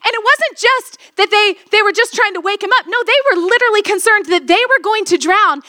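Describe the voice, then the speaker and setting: A woman's voice: very high-pitched, a little fast, pushed and bright. A woman pastor preaching a sermon, retelling a scripture story and asking the congregation rhetorical questions.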